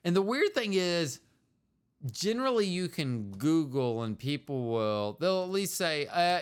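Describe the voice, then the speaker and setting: Rambling man with a lively, smooth voice. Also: fairly high pitch, a little slow. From United States. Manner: rambling, meandering, trails off often. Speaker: podcast co-host. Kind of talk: casual chat.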